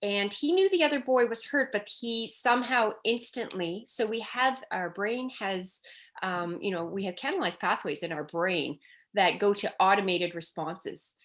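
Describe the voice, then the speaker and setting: Woman, middle-aged, conversational interview, animated storyteller, mid pitch. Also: normal speed. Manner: animated storytelling, acting out children's cries in quotes. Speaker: child development expert guest.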